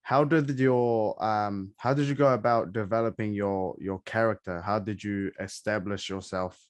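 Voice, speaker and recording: A male host asking halting questions in a casual interview, with many fillers and restarts. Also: lowish voice, fairly even intonation, no echo. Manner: slow, halting questions, lots of backchannel and laughs.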